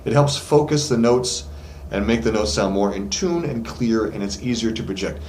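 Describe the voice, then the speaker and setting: A man's voice: on the low side, animated, normal speed, a little mellow. A man giving a casual singing lesson from his voice studio, talking loosely with plenty of fillers. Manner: loose and chatty, many fillers, demonstrates with sung notes. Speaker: vocal coach. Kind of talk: casual vocal lesson to camera. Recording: echoey room, faint background noise.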